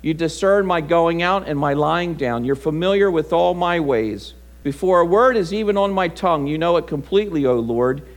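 A man's voice: fairly high pitch, animated, moderate pace, few pauses. A middle-aged male pastor with a slightly raised voice, preaching a sermon. He tells a homespun anecdote in an easy, conversational manner, then moves into reading scripture. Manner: folksy storytelling, conversational. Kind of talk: sermon with personal story.

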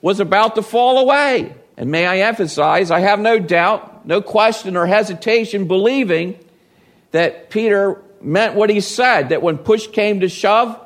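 A man preaching a sermon as pastor, reading scripture and acting out quoted voices with big swings. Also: high-pitched.

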